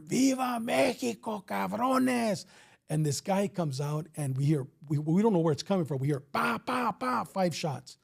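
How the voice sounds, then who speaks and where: Animated middle-aged man spinning a yarn. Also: on the high side. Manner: animated, acts out quotes, swears freely. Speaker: retired police officer, guest. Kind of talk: casual storytelling.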